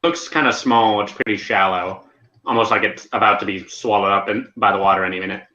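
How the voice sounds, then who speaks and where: A man's voice: on the low side, fairly even intonation, brisk, sharp tone. A man acting as game master, narrating a tabletop game in a casual, descriptive way with frequent restarts. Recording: echoey dull lo-fi voice chat.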